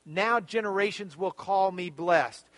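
A man teaching a Bible study lesson, explaining the text with animated, emphatic, repeating phrases. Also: high voice, unhurried, no echo.

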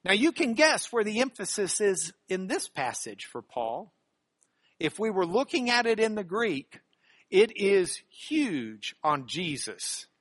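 An earnest man delivers a Bible lesson in a slightly high voice, swinging from emphatic bursts to quiet, prayerful stretches. The sound is dry and close, with no room around it. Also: slow, dry recording. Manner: earnest, animated, with sudden emphatic rises. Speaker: Bible teacher. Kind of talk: sermon-style Bible lesson.

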